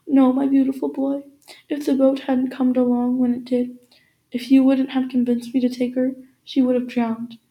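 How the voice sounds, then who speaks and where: A woman voicing a gentle mother soothing her son. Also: high-pitched, level tone, normal speed, highs cut off.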